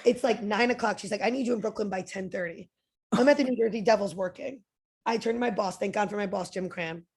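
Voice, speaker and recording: A young adult woman, a podcast guest, telling a story in a lively way, acting out what others said and using "like" a lot. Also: medium pitch, quick pace, vocal fry, husky. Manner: lively, acts out quoted voices, frequent "like" fillers. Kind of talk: animated storytelling.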